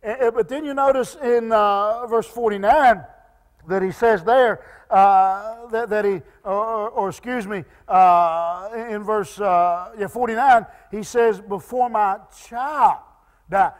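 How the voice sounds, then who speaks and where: A man preaching a sermon as pastor, halting and repeating words with many fillers, dropping to soft pleading tones when quoting. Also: sits high, steady tone. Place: church sanctuary. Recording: long church reverb.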